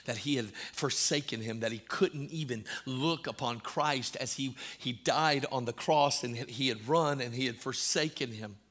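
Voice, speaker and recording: A man preaching a sermon, moving from quiet, hushed lines to loud, shouted preaching and whispering quoted words. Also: mid-range voice.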